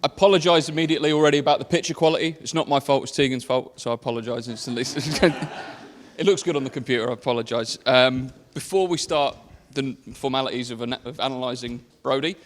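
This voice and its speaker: A man giving a joking best man's speech at a wedding reception, brisk and apologetic. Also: medium pitch. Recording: long hall reverb with faint noise.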